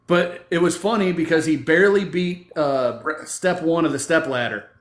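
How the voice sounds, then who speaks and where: Animated man in an echoey room. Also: on the high side, moderate pace. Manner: animated, swears casually. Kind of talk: casual chat. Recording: roomy echo.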